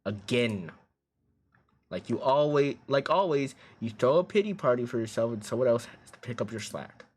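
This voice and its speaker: A weary, bitter young man from a story game sneers in short, cutting lines, as a man voices him. His voice sits lower and quieter than ordinary talk, with a husky edge. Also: animated, normal speed. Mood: scornful. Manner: sneering, clipped, sarcastic.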